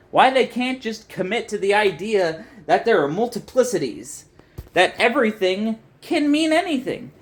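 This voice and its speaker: A young adult video essayist ranting in a frustrated, profane, rambling way, with many restarts. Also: mid-range voice. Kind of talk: ranting commentary.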